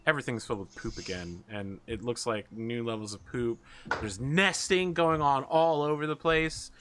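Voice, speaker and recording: A man running a tabletop game, narrating scenes in a loose, joking way. His voice is bright, and he drops in the odd swear word. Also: mid-range voice, moderate pace, a little hiss or hum. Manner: casual, swearing, laughs at own jokes. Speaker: game master.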